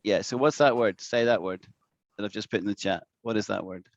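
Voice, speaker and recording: A man teaching an online English lesson, patiently repeating words slowly for his students to practice. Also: on the low side, no room sound, lo-fi sound. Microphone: video call.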